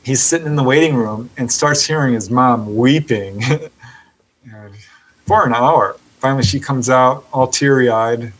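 Man telling a story with lively voices. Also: mid-range voice, a little slow, low-quality recording. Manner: lively narration that acts out the people in the story, laughing often. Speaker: guest, author on UFO encounters. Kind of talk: animated storytelling in a podcast interview.

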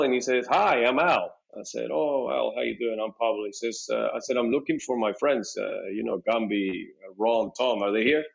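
A middle-aged man recounting a personal story as a podcast guest. His voice is animated, jumping between his own lines and the people he quotes, and he peppers his speech with casual fillers. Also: mid-range voice, rough recording. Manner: animated, acts out dialogue, frequent "you know".

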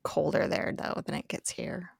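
A woman guest on a podcast, chatting casually and making slow, amused remarks. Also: no room sound, studio quality. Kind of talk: casual chat.

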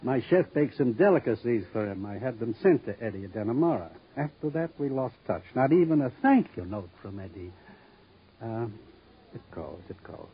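An actor playing a suave, sardonic gangster boss in a 1950s radio drama, with a silky, languid, ironic drawl. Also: male voice, medium pitch, lively intonation, moderate pace, breathy edge. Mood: silky mocking. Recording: dull old radio broadcast recording.

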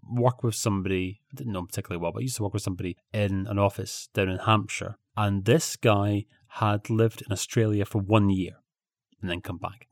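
A man's voice: on the low side, no echo, studio quality. A man from England co-hosting a podcast, telling a casual anecdote with hesitant restarts. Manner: hesitant, anecdotal, self-correcting. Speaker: podcast co-host.

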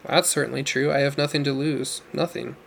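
A man's voice: mid-range voice, steady tone, a little fast, gravelly, a bit bright, slight background noise. A man reading as a despairing ailing sinner. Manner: earnest, despairing. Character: remorseful ailing man, former criminal, pleading.

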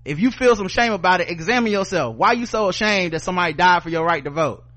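Heated, high-voiced man ranting. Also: expressive, fast, fairly bright tone. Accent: Southern US. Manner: heated, sarcastic, swears often, reads news aloud. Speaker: podcast co-host. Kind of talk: profane opinion podcast rant.

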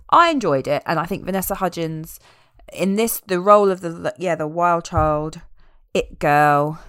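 A woman's voice: fairly low pitch, no echo, studio quality. Chatty woman recapping a film. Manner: chatty, animated, tangents with wry asides. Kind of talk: casual chat recapping a film.

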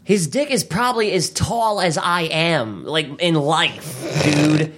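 A man co-hosting a casual comedy podcast, reacting quickly with crude jokes and retorts. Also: fairly high pitch, expressive, heavy background noise. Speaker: podcast co-host.

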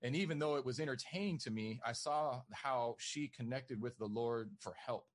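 A man's voice: mid-range voice, normal speed. Man telling stories with a laugh. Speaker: podcast guest. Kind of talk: casual conversational storytelling.

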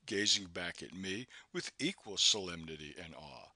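A man narrating an audiobook in an expressive, scripted reading style. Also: low-pitched, moderate pace, few pauses, no echo.

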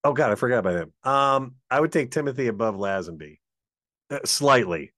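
A man in a casual chat, easygoing and a bit hesitant, often pausing with fillers. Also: mid-range voice, expressive, a bit bright, no echo, studio quality.

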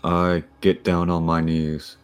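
A man playing in a tabletop game, describing his character's actions in a plain, measured way. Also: low-pitched, monotone, smooth, soft background music. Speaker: player.

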